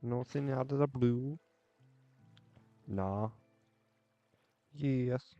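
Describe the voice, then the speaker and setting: Male game streamer, unhurried, warm-toned, goofy and rambling. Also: medium pitch, lo-fi sound, soft background music. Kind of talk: casual live-stream chat while playing.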